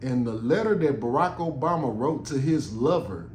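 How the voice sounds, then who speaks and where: In a roomy recording with faint background noise, a man hosts a podcast, rambling casually and swearing as he goes. His medium-pitched voice is animated and a little mellow, at a normal speed.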